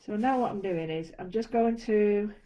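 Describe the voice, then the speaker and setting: A mellow-toned woman talks through a drawing tutorial in a relaxed, chatty way. She narrates each step as she goes and her sentences often fade off quietly. Her pitch sits in an ordinary middle range for a woman. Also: normal speed, low-quality recording. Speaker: art tutor.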